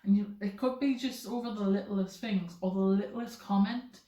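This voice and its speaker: A woman's voice: mid-range voice, fairly even intonation, moderate pace, warm tone, lo-fi sound. Young woman rambling on her vlog, lots of "like"s, sounds a bit echoey. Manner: rambling, filler-heavy, chatty. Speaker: vlogger. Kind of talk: casual chat to camera. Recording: roomy echoey room.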